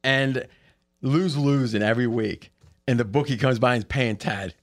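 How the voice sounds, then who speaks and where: A man hosting a sports betting podcast, telling stories with lots of laughter and quick restarts. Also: medium pitch. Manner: animated storyteller, laughs often. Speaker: podcast host. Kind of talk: casual sports betting chat.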